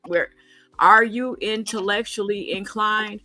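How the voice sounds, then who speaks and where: Bright-voiced, emphatic woman host. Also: mid-range voice, steady tone, a little slow, no room sound, soft background music, low-quality recording. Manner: emphatic, rhetorical questions, frequent ums and restarts. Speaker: podcast host. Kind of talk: casual conversational interview.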